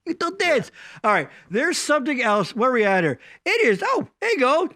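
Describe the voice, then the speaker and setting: A man's voice: very high voice, big pitch swings, bright, forceful tone, slight background noise. A man co-hosting a casual live stream, rambling, swearing a lot and laughing easily. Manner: profane, rambling, quick to laugh. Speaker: co-host.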